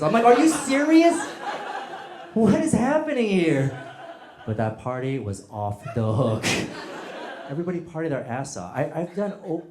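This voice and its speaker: A male stand-up comedian doing a set, animated and acting out quoted voices with loud bursts. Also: fairly high pitch. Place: comedy stage before a live audience. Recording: echoey hall, audience laughter. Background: audience laughter.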